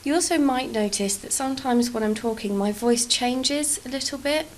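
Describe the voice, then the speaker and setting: A woman's voice: sits high, moderate pace, a little hiss or hum. Self-mocking English woman, half posh half Cockney. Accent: English, between posh and Cockney. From England. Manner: rambling, self-deprecating, swears freely. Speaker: YouTuber. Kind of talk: casual voice-over chat over gameplay.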